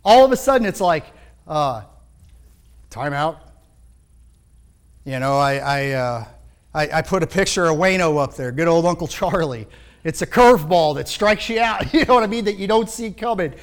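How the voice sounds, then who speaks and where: High-voiced, animated male preacher. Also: moderate pace, long pauses. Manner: animated, conversational, frequent restarts. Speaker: pastor. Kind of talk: sermon.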